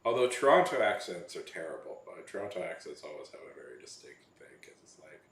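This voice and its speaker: A man's voice: extremely low pitch, very animated, fast, fairly bright tone, a little hiss or hum. A man chatting casually to his viewers, rambling and often restarting his sentences. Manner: meandering, many false starts and self-corrections. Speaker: vlogger. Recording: echoey room.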